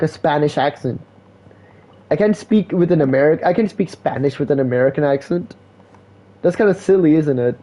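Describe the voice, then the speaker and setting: A man's voice: on the high side, dark tone. A man streaming live, chatting casually in a slangy, laid-back way, full of "bro" and "like". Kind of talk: casual rambling stream chat.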